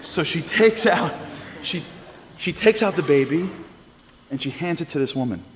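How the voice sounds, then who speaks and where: Man telling stories in a reverberant hall. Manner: lively, acts out the people in his stories with quick shifts of pitch. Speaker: speaker at a congregation lecture. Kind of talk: animated storytelling talk. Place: synagogue hall. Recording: long reverb of a hall, faint noise.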